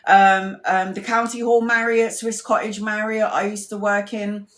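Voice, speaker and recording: A woman's voice: medium pitch, flat delivery, moderate pace, fairly bright tone. A woman tarot reader telling stories in a casual livestream, candid and rambling, swearing freely. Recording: roomy echo.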